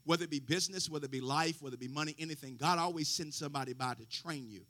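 A man's voice: a little high, racing, pushed and bright. A man preaching a sermon, quoting scripture with folksy asides and rising fervor. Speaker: pastor.

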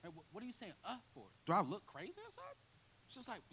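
A man preaching a storytelling sermon. His voice sits high and bright, and the pitch swings widely as he acts out each person in the story. A faint hiss runs under the recording. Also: fast. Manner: animated storytelling, building to loud fervent preaching.

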